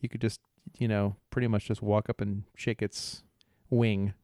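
A man co-hosting a podcast, telling a rambling story in casual chat, halting often, laughing, and imitating bystanders' voices. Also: on the low side, little pitch movement, warm tone, dry recording, clean studio sound. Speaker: podcast co-host.

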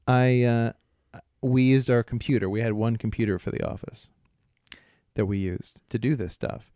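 A man's voice: medium pitch, steady tone, moderate pace, warm tone, dry recording, clean studio sound. A middle-aged man from Ohio co-hosting a podcast, telling a story in casual chat full of fillers, restarts and laughter. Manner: rambling, lots of fillers and laughs. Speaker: podcast co-host.

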